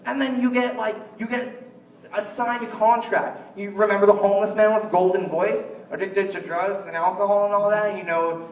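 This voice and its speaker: A man with a high voice works through a stand-up comedy set, rambling from one joke to the next and slipping into mock quotes of other people. He is heard from some way off the mic in an echoey room. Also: little pitch movement, moderate pace, recorded from a distance. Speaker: stand-up comic.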